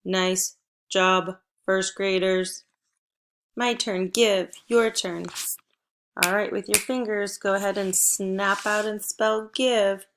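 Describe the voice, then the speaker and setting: A woman leads young children through a phonics lesson, calling out prompts slowly and clearly. She speaks at a very unhurried pace, and her voice has a gravelly, creaky edge. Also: medium pitch, fairly even intonation, fairly bright tone. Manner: slow, clear prompting with pauses. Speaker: first grade teacher.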